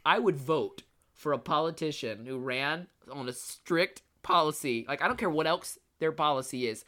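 Bright-voiced man telling a story. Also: on the high side, normal speed. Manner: animated storytelling, acts out voices. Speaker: podcast co-host. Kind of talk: casual chat.

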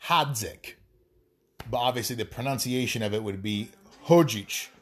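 A man's voice: mid-range voice, normal speed, sharp tone. A man talking straight to his audience in a casual, rambling monologue, swearing freely and tossing in wry asides. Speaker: gaming vlogger.

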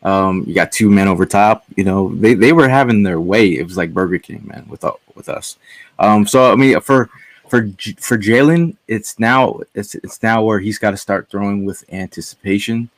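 A man's voice: on the low side, moderate pace, dry recording. A man guesting on a casual sports podcast, rambling laid-back with lots of fillers.

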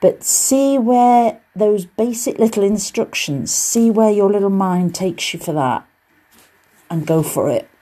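A British woman who teaches quilting hosts a casual podcast on the subject by herself, speaking at a medium pitch, a little slowly, in a mellow voice. Her style is chatty and encouraging, with loose, rambling asides.

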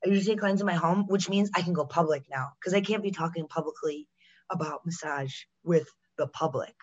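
On a podcast, this young comedian and actress from the US talks animatedly, cursing, laughing a lot, and performing the quotes she relays. She has a lowish, husky voice at a fairly quick pace, recorded in muffled quality.

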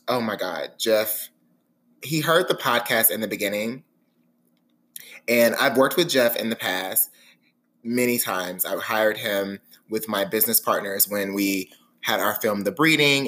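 Bright-voiced, dramatic male podcast host. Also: lowish voice. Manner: dramatic, expressive storyteller; frank and sassy. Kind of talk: candid podcast monologue.

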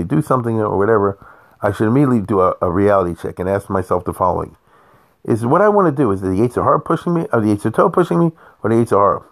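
An older man giving an informal Torah talk as a rabbi, blunt and rambling, often checking "you understand?". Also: on the low side. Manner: rambling, blunt, peppered with Hebrew and Yiddish terms.

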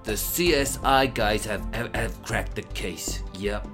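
Comedy: male actor as apologetic, stammering detective, lowish tone. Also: unhurried, over music, close to an everyday voice. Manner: apologetic, hesitant.

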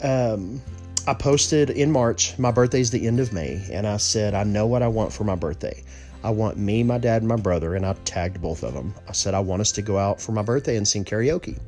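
A man's voice: lowish voice, moderate pace, dark tone, faint music behind. A man telling a personal story in a casual, rambling way, full of restarts and asides.

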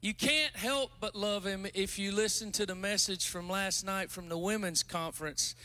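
A male preacher with a high, bright voice, talking to the congregation like a friend over dinner. He jokes at his own expense and then breaks into loud praise. His tone stays forceful and ringing throughout. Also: moderate pace. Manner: chatty, self-mocking, bursts into loud exclamations. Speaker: guest pastor. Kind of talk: casual joking sermon.

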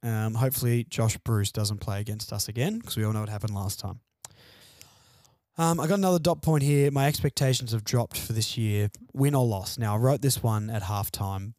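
A man's voice: on the low side, moderate pace, darkish tone, no room sound, clean studio sound. A man hosting a fan podcast alone, venting frustrated, sardonic opinions about his team's loss. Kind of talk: solo sports podcast rant.

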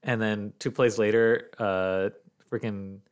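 A young man with a slightly low voice talks through a sports story in a loose, chatty way. He acts out the other people's lines as he tells it. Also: takes it slowly, clear, resonant tone. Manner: animated storytelling, acts out quotes. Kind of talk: casual sports chat.

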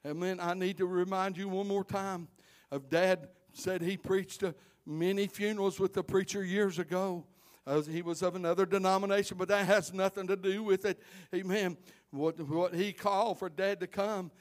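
A middle-aged pastor preaches with fervor. His voice sits high for a man, and he swings between soaring, impassioned cries and hushed, quiet asides. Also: fairly even intonation, moderate pace. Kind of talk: fervent preaching sermon.

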